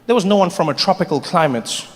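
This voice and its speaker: Male comic working a big room: animated, high, reverberant venue. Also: quick pace. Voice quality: animated, storytelling. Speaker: stand-up comedian. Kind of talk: stand-up comedy. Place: large indoor comedy venue. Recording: long hall reverb, faint noise.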